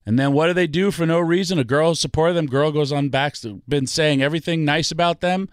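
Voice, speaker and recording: A man's voice: fairly high pitch, brisk, clear, resonant tone, no echo, clean studio sound. A man ranting about wrestling on a talk show, emphatic and full of rhetorical questions. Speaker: wrestling podcast guest. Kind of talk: passionate ranting commentary.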